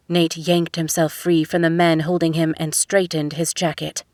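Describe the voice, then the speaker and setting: Recorded with clean studio sound and no room sound, a lowish-voiced woman delivers scripted narration for a romance audiobook. Her storytelling stays measured and even throughout.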